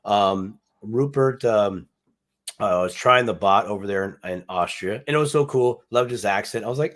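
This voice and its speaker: A man co-hosts a casual live chat about money, his voice sitting a bit low. He rambles, repeats words as he restarts his thoughts, and leans on easygoing slang. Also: normal speed, a bit bright. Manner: casual slang, says dude and bucks. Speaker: podcast co-host.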